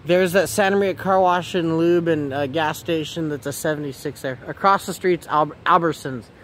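This vlogger's voice sits a little high and sounds somewhat bright, at a normal speed. He narrates casually at an outdoor food stand, joking and chatting as he holds his phone, and traffic can be heard around him.

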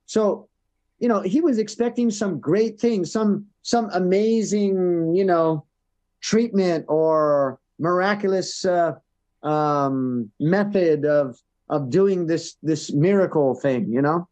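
A man's voice: a little high, expressive, takes it slowly, a little mellow. A man preaching a sermon as a church elder, reading scripture aloud and then retelling it in everyday words with frequent "no?" and "you know". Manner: reads scripture then retells it in plain words, tag questions.

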